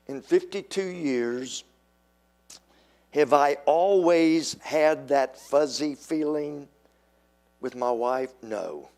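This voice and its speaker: With slow, weighty emphasis, an elderly male preacher delivers his sermon, animatedly voicing the people he quotes through sudden shifts in pitch.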